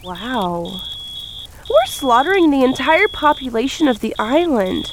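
A woman's voice: high-pitched, very animated, a little slow, noisy background. A woman playing a bossy, bloodthirsty female pirate in a comedy audio sketch. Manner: bossy, crude.

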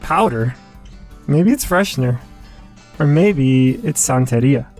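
A woman voicing a relaxed young man on a tropical holiday, a bit lower and louder than her narrating voice. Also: slow pace, faint music behind, full character voice. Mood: curious. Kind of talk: storybook narration.

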